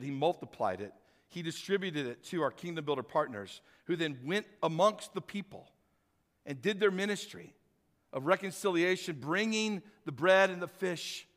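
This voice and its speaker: Male pastor, high-pitched, bright, energetic sermon delivery, long hall reverb. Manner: energetic, animated, addresses congregation directly.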